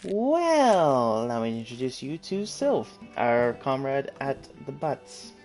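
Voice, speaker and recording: A man's voice: takes it slowly, soft background music. A man doing a chatty young British archer girl. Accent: put-on British. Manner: lively, chatty, higher put-on voice. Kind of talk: reading game dialogue aloud.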